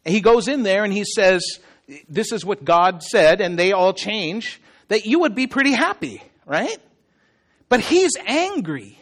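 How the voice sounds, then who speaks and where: A male pastor preaching a sermon in an animated, conversational way, often asking his listeners questions. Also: high voice, measured pace.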